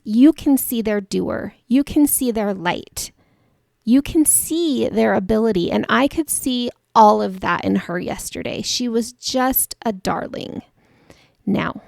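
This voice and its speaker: Woman host, chatty self-deprecating storyteller, gravelly edges, close and dry. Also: on the high side, no room sound. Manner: chatty and warm-humored, laughs at herself. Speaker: podcast host. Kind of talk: personal storytelling monologue.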